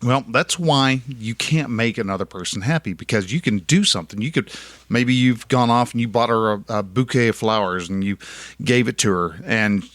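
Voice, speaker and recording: A man's voice: mid-range voice, moderate pace, a bit bright, no room sound. A young man talking casually on his podcast, rambling and folksy, correcting himself as he goes. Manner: rambling, folksy, self-correcting with many restarts. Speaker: podcast host. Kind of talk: casual solo podcast monologue.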